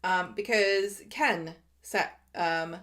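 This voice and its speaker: A woman's voice: fairly low pitch, very slow, fairly bright tone. Chatty woman co-host. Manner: chatty, retells scenes with quoted voices. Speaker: podcast co-host. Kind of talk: casual chat about a TV soap.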